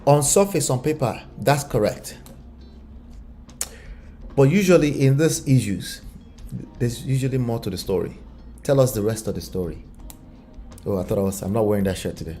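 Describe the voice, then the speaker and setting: A man's voice: medium pitch, lively intonation, moderate pace, long pauses, dark tone. A man with a Nigerian accent giving casual relationship commentary, firing off rhetorical questions.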